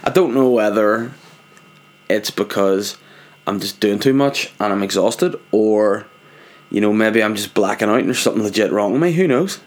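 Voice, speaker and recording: A man's voice: on the low side, moderate pace. A man telling casual anecdotes in a rambling, sweary, self-mocking way. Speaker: vlogger, father.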